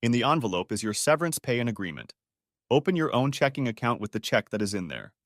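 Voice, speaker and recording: A man's voice: mid-range voice, very animated, quick pace, no echo, clean studio sound. A man voicing a betrayed husband who speaks in a caustic, commanding tone. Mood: curt. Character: betrayed husband, cold and controlled, flaring angry.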